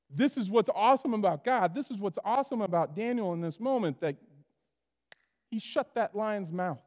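Male pastor, high voice, animated sermon delivery, long reverb of a church hall. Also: moderate pace. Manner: animated preaching, acts out voices of the story.

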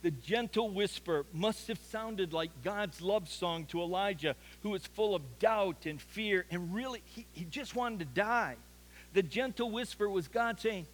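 A man's voice: high voice, measured pace, poor audio. A man preaching an earnest sermon as a pastor, building to emphatic peaks.

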